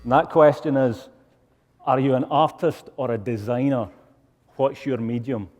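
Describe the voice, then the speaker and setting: A man's voice: mid-range voice, fairly even intonation, a little slow, a little mellow, highs cut off. A man with a Scottish accent giving a public lecture, with wry, self-deprecating humor. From Scotland. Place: lecture hall. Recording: reverberant lecture hall.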